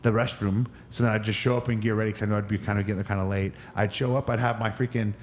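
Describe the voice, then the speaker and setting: A man's voice: lowish voice, steady tone, very fast, a little hiss or hum. A man in his forties from Northern California, a wrestler telling stories as a podcast guest, rambling with many restarts, nursing an injured knee. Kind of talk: casual podcast interview.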